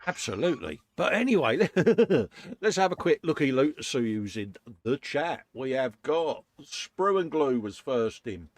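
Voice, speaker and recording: English male host, matey and giggly, dry close sound, mid pitch. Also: very animated, unhurried, dry recording. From England. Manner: chatty, laughs often, says "mate" a lot. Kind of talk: casual chat. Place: workshop.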